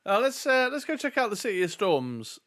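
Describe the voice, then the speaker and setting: A man playing a gamebook on a live stream, chatty and excitable, reacting quickly. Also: sits high. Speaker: player. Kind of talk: casual live-stream chat while playing.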